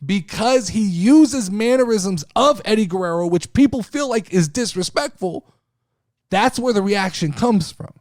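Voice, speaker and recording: A man hosting a casual wrestling talk show, speaking in an animated, profane way. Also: high voice, a little slow, dry recording, clean studio sound. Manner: animated, profane, mimics people he talks about. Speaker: podcast host.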